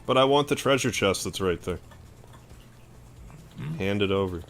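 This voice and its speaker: Canadian male streamer, low-pitched, casual chatter, bursts of excitement, faint music underneath. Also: moderate pace. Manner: excitable outbursts, laid-back thanks. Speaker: game streamer. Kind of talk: casual gameplay commentary, thanking chat.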